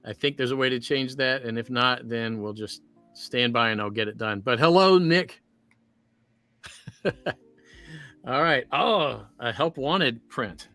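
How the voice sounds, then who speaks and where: A man's voice: mid-range voice, slow pace, pauses often, sharp tone, soft background music. A man, a voice actor, chatting casually on a livestream while signing prints, rambling and joking.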